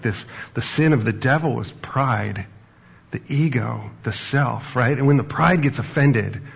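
Gravelly-voiced man preaching. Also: mid-range voice, highs cut off. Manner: conversational preaching with anecdotes and fillers. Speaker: pastor. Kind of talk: sermon.

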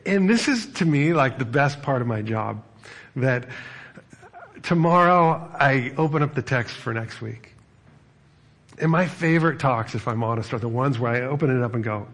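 A middle-aged man preaching as a pastor, talking in a conversational, animated way with frequent asides. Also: mid-range voice, normal speed. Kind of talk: sermon.

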